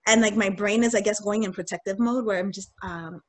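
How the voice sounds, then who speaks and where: A young woman telling a personal story in casual talk, candid and animated, acting out what people said. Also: medium pitch, a little fast. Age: young adult. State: getting choked up. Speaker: guest sharing a personal story.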